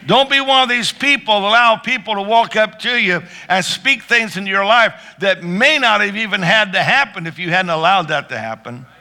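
A man's voice: high-pitched, moderate pace, hardly any pauses, bright, forceful tone. A man preaching a sermon with rising fervor, calling out to his congregation and breaking into prayer. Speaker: pastor.

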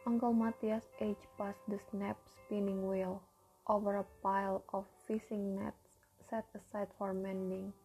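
A woman reading a first-person novel aloud as an audiobook narrator, in a measured, even storytelling delivery. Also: medium pitch, soft background music, rough recording.

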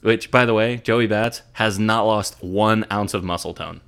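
A man's voice: lowish voice, unhurried, creaky, a bit bright, clean tone. A young man hosting a podcast, telling rambling sports stories in casual chat, swearing freely. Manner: profane, rambling storyteller. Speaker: podcast host.

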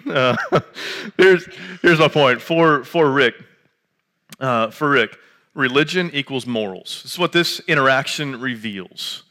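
A man in his late thirties gives a sermon in a loose, chatty way, joking and saying "uh" a lot. His voice is bright and forward, at an ordinary middle pitch. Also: normal speed. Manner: chatty and joking, lots of filler words. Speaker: pastor. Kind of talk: casual conversational sermon.

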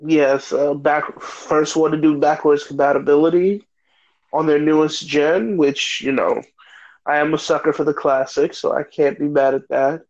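A man's voice: fairly high pitch, flat delivery, moderate pace, darkish tone, highs cut off. An American man hosting a casual gaming chat, joking and hyped though tired late at night. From United States. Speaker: podcast host.

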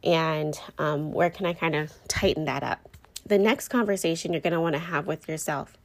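A young mom vlogger talks casually to the camera, candid and a little rambling, often correcting herself mid-sentence. Her voice is deep, and she speaks at a moderate pace.

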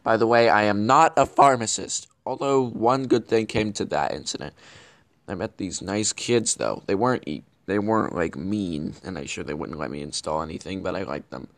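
Here a male show host plays a scheming, bumbling villain in a comedic character vlog. His pitch is fairly low, his pace moderate, and the acting light, while he rambles and stumbles, fixing his own words along the way.

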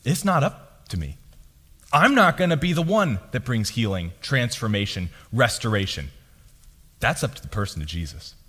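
A man preaching a sermon as pastor, his delivery swinging between loud and hushed. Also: medium pitch, very animated, normal speed. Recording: long reverb of a hall.

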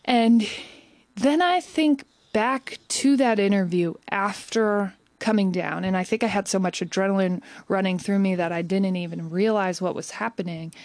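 A young adult woman telling a personal story in a candid, reflective monologue, sometimes dropping to a hushed whisper. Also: medium pitch, moderate pace, dry recording. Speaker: vlogger.

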